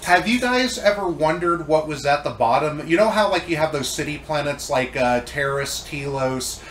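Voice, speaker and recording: Male podcast host, a bit high, echoey room, rambling fan talk. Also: lively intonation, moderate pace, a bit bright, slight background noise. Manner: rambling, enthusiastic geeky tangents. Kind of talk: casual chat.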